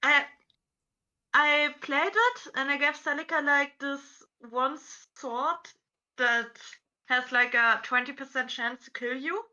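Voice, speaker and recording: A woman's voice: high-pitched, takes it slowly, bright, forceful tone, highs cut off. A woman cosplayer with a non-native English accent, chatting on a convention panel and telling stories with lots of "like" fillers. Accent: non-native English speaker. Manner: chatty, storytelling, many "like" fillers. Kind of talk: casual chat.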